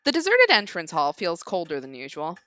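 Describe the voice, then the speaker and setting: A weary, frightened young lord narrates his ordeal, read aloud by a woman streamer. Her voice is bright and animated, swinging up and down. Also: on the low side, a little fast, highs cut off, full character voice. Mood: uneasy. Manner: reading game narration aloud. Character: haunted young male lord, anxious and weary.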